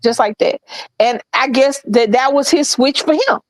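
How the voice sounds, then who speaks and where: A woman co-hosting a podcast, telling a work story in a blunt, profane, animated way. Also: high-pitched, a little slow, no room sound, poor audio. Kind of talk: casual storytelling chat.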